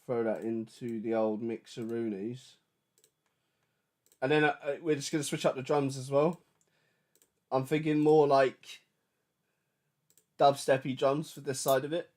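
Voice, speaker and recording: A man chatting loosely and excitedly while producing music on a livestream, with slangy, jokey banter. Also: mid-range voice, unhurried, pauses often. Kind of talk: casual livestream chat.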